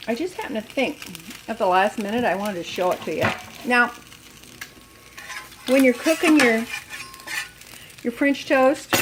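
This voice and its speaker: A woman's voice: a little high, background noise. An older woman giving a chatty, folksy cooking demonstration in her home kitchen, laughing at herself often. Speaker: home cook.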